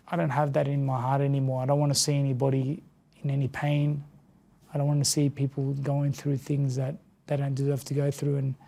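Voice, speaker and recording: A man's voice: mid-range voice, creaky, dark tone. A tired Australian man and former boxer, talking earnestly and emotionally as an interview guest. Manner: earnest, heartfelt, repeats words when moved.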